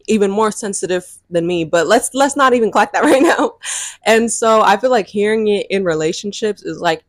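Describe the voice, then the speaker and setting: A young adult woman telling a dating story to camera in a sassy, animated way, laughing often and swearing freely. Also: mid-range voice, no echo, studio quality. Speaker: vlogger. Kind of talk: casual storytime chat.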